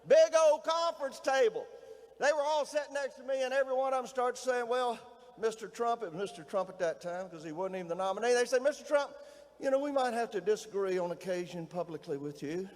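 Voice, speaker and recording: Southern man, Mississippi accent, very high voice, folksy rally speech, long hall reverb. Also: brisk. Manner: folksy, rousing, often shouting to a crowd. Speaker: state governor speaking at a political rally. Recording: reverberant hall, faint noise.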